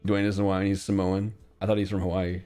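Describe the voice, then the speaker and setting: A man's voice: low-pitched, monotone, brisk, dark tone, clear, resonant tone, soft background music. A young man streaming casually, reacting bluntly to a quiz with frequent swearing and reading out chat.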